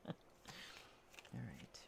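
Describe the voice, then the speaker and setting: A woman doing a casual tarot reading, thinking aloud in a relaxed way with fillers and soft laughs. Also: extremely slow. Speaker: tarot reader.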